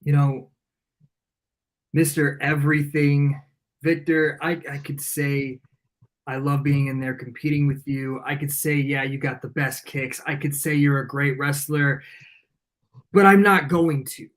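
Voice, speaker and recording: A man, a wrestling guest, delivering a cocky, taunting promo that sinks into low menace. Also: steady tone, a little slow.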